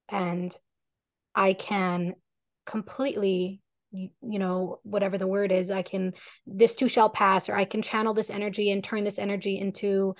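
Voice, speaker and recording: A woman's voice: medium pitch, no room sound. A woman co-hosting a parenting podcast, talking in an earnest, reflective way over a video call. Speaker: parenting coach and podcast co-host.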